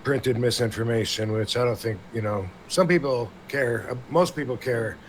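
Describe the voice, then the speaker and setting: A man's voice: medium pitch, moderate pace, a little hiss or hum. A man co-hosting a podcast, talking in a rambling, blunt and profane way. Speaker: podcast co-host. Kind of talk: casual podcast chat.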